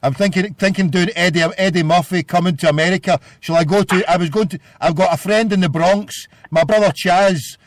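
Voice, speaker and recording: A man's voice: high voice, brisk, few pauses, no room sound, clean studio sound. Rambling jokey Scottish man. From Scotland. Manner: rambling, jokey, stumbling restarts. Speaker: radio show host. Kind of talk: casual call-in radio chat.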